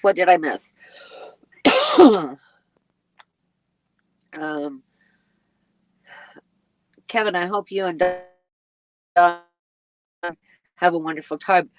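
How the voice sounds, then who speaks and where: A woman with a fairly low voice chats through a casual live stream. She reads viewer comments aloud and rambles along with plenty of ums and small laughs. She sounds sleepy, and her voice comes across dry and close, with no room echo. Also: animated, slow pace, pauses often. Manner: chatty and rambling, with frequent ums and little laughs. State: sleepy and yawning. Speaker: RV travel vlogger hosting a live chat.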